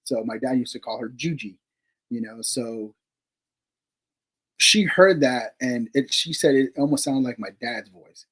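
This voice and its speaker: Husky man telling a rambling story. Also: medium pitch, unhurried, pauses often, a bit bright, rough recording. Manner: rambling, with many fillers and casual swearing; laughs between remarks. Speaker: paranormal investigator guest. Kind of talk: casual storytelling.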